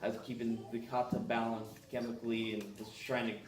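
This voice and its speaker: Man, friend's eulogy, even delivery; monotone, distant in an echoey, noisy hall. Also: medium pitch, brisk. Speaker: childhood friend giving a eulogy. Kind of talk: memorial tribute speech. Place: memorial service hall. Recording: echoey hall, distant mic, background noise.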